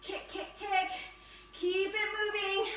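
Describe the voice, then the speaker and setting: A woman leading an energetic yoga fitness class, cheering and counting down reps, slightly out of breath. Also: very high-pitched, slow, faint music behind. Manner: upbeat, encouraging, counts down reps. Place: yoga studio. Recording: echoey room from a distance.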